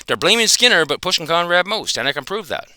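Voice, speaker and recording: A man's voice: high-pitched, big pitch swings, fast, sharp tone, no echo. A man giving an angry, profane reaction commentary, confronting another dog trainer.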